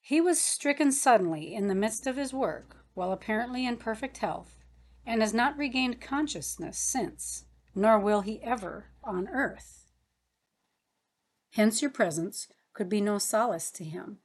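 A woman reading the part of a gentle grown brother in the afterlife, speaking softly. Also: fairly high pitch, animated, measured pace. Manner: gentle, soft-spoken.

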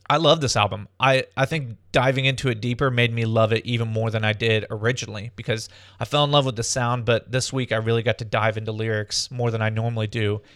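A man's voice: lowish voice, a bit bright, smooth, no echo, clean studio sound. A man hosting a podcast, reviewing an album in an enthusiastic, chatty way, often calling the listener "man". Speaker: podcast host.

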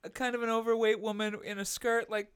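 A man's voice: high voice, little pitch movement, quick pace, smooth. A man co-hosting a podcast in casual chat, rambling and breaking into laughter, with the hiccups. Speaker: podcast co-host.

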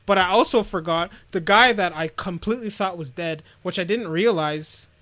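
A man with a notably high voice retells an episode to friends in loose, slangy chat. He acts out the characters in passing. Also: sharp tone, no room sound. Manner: quick slangy storytelling, acting out characters. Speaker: podcast co-host. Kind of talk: casual recap chat.

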